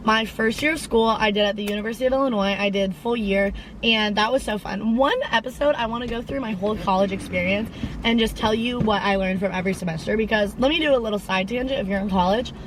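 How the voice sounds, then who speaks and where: A young woman of around twenty talks in a loose, chatty way, drifting off on tangents and sprinkling in fillers. Her voice sits at an ordinary middle pitch. A faint hum of traffic runs behind her. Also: fast, rough recording. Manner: rambling and chatty, full of tangents and "like". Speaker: podcast host. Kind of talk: casual chat.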